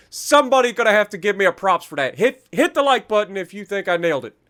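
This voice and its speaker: High-voiced man chatting through game patch notes. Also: bright, forceful tone. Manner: chatty, ranting, self-mocking, stumbles over names. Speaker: gaming channel host. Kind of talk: casual patch-notes commentary.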